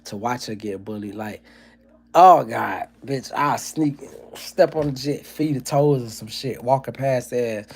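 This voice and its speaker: A man on a livestream who talks loosely and swears constantly, rolling from rambling explanations into heated, animated rants. His voice sits at an ordinary middle pitch, and his level rises and falls as he riffs. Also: unhurried, a little hiss or hum. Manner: profane, ranting, animated. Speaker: livestream host. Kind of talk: casual livestream chat and comedy.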